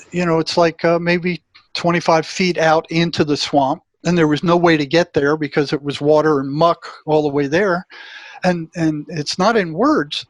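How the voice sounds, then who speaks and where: A man's voice: a little high, no echo. An older man, a retired therapist, telling a long personal story in a rambling way and acting out his inner voices. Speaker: guest, retired psychotherapist. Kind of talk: storytelling in an interview.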